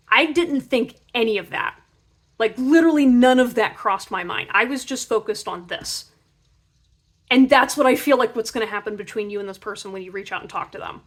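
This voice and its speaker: A young woman giving a casual pick-a-card tarot reading in a chatty, animated way, full of filler words. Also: on the high side, brisk.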